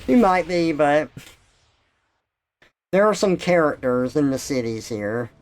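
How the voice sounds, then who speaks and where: A man chatting casually while playing a video game, telling stories slowly with frequent laughter. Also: fairly high pitch, animated. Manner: slow, laughing storyteller. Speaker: streamer. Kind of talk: casual gaming chat.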